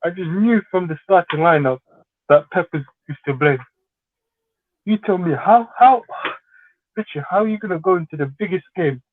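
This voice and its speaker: A man's voice: sits high, lively intonation, moderate pace, pauses often, dry recording. A man calling in as a fan to a livestream, blunt and exasperated, asking pointed questions, heard over call audio. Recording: tinny dry call audio.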